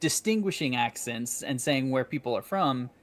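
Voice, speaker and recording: A man's voice: mid-range voice, lively intonation, normal speed, a loud crowd. A man co-hosting a live stream, dropping dry, teasing remarks in casual banter. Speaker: co-host.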